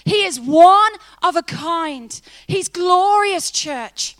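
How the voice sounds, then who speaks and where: A woman's voice: very high voice, expressive, slow, fairly bright tone. A woman in her thirties preaching a sermon, telling a personal story in a chatty, humorous way with emphatic build-ups.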